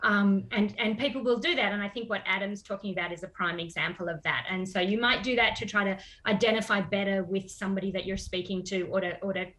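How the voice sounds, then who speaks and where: A woman's voice: mid-range voice, quick pace, few pauses, fairly bright tone, rough recording. Thoughtful woman explaining carefully. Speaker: linguistics expert guest. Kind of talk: explanatory radio interview.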